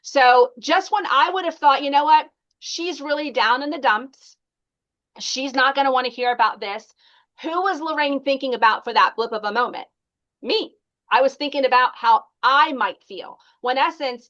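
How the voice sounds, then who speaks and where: A woman's voice: a little high, fairly bright tone, lo-fi sound. A woman leading a casual sales training call, chatty and encouraging, with frequent ums and likes. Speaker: sales team leader training consultants.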